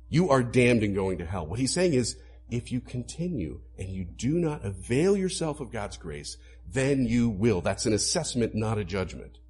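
A man preaching a sermon to a congregation, animated, acting out quoted lines as he explains. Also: mid-range voice. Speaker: pastor.

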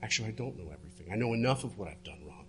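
A man preaching a sermon, retelling a story and dropping his voice low and soft for the quoted words. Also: lively intonation, rapid-fire, slight background noise. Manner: storytelling, drops to hushed tones for quoted words.

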